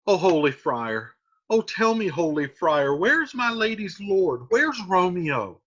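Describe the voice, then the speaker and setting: A man's voice: high voice, sing-song, slow pace, fairly bright tone, voice pushed up, full character voice. A man doing a fussy wailing old nurse. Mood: pleading. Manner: fussing, repetitive pleading. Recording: dull lo-fi recording.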